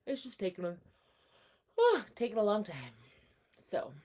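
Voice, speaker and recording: A woman's voice: mid-range voice, huge pitch swings, a little slow, mellow. A young woman hosting a casual livestream, chatting and reading out viewer comments in a rambling, friendly way. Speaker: livestream host. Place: home room.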